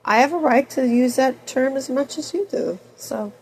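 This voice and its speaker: Woman, fifties, head cold, digressive, loud then muttering, slightly high voice. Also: moderate pace, breathy edge, rough recording. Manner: digressive, swings between loud outbursts and soft mutters. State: has a cold. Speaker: video blogger. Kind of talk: rambling personal monologue.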